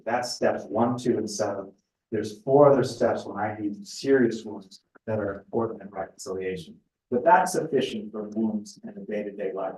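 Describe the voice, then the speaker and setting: A middle-aged man speaking at a spiritual retreat in a conversational, thoughtful way, often pausing with fillers. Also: lowish voice, darkish tone. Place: retreat house meeting room. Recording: echoey room, voice picked up from a distance.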